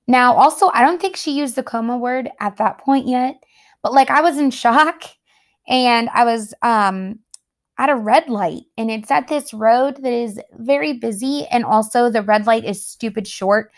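A woman's voice: a little high, normal speed. A young adult woman hosting a podcast, chatting casually and telling a personal story with lots of laughter and acted-out quotes. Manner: chatty, animated, laughs often, acts out quotes. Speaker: podcast host.

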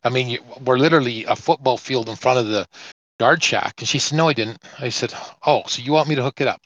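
A man's voice: medium pitch, fast, fairly bright tone, no room sound, dull audio. A trucker man co-hosting a casual podcast, spinning a long story and acting out each quoted exchange. His voice is close to the mic and dry. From Canada. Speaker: truck driver and podcast host.

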